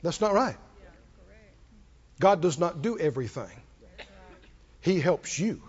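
A man's voice: a little high, lively intonation, slow, breathy edge. A man preaching a sermon in a church, with emphatic call-and-response preaching. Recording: long hall reverb, dull lo-fi sound.

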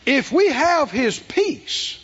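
A man's voice: very high-pitched, very animated, slow pace, fairly bright tone. A man preaching a sermon to a congregation in a church hall, emphatic, asking rhetorical questions and calling for responses. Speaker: pastor. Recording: dull recording with long hall reverb.

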